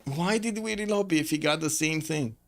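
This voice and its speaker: Male esports caster, mid pitch, chatty self-correcting delivery, faint music behind. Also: brisk, vocal fry. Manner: thinking aloud, many fillers and self-corrections. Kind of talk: live game commentary.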